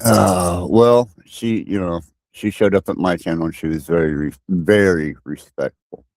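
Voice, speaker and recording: A man with a very low voice joins an online panel as a guest. He talks bluntly and haltingly, often repeating his words. The sound is close and dry. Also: a little mellow, no room sound. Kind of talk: casual online panel chat.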